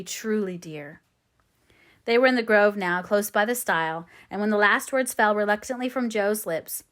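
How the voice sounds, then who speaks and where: A woman reading a classic novel aloud as an audiobook narrator, in a clear, measured storytelling manner. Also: medium pitch, fairly bright tone.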